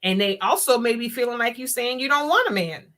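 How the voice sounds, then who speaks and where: A woman hosts a live-streamed talk show in a fairly high voice. Her delivery is forceful and sharp. She argues emphatically, almost like a sermon. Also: animated, a little fast. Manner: emphatic, preachy, acts out quotes in voices.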